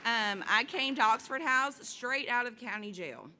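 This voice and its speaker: Woman, heartfelt podium speech near tears, bright slow voice. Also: fairly high pitch, animated, some chatter behind, a little hiss or hum. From Alabama, USA. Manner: emotional, near tears, candid. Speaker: campaign speaker. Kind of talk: short campaign speech at a convention. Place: large convention hall.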